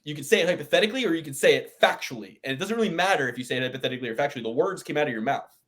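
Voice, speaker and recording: A man's voice: on the high side, lively intonation, rapid-fire, a bit bright. A man co-hosting a podcast, rambling in a casual chat and swearing often as he rants. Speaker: podcast co-host.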